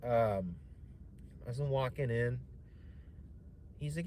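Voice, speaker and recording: Brief: young adult man, casual stream storyteller, mid-pitched, swears a lot, rambles, faint ambience behind. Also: unhurried, pauses often, a little hiss or hum. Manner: profane, rambling, animated retelling with many fillers. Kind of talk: casual storytelling to a livestream chat.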